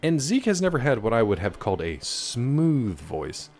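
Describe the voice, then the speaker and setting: A man's voice: medium pitch, sing-song, moderate pace, a little mellow. A man streaming a game, chatting casually and wryly with viewers. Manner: chatty, wry, rambling. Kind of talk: casual live-stream chat.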